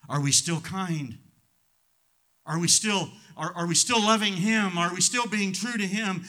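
A middle-aged man preaching a sermon as pastor, swinging from loud emphatic lines to hushed ones. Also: sits high, unhurried.

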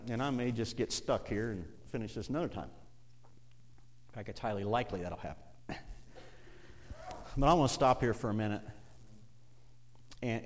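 An animated middle-aged preacher delivers a sermon in a mid-pitched man's voice. He laughs often between lines. His talk swings from quiet, low asides to loud, climbing passages. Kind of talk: evening sermon.

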